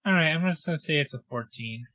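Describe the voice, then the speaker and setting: A man's voice: fairly high pitch, fast, bright, forceful tone, no room sound. Hesitant man on a dull lo-fi mic. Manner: hesitant, thinks aloud. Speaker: player. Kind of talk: casual tabletop play.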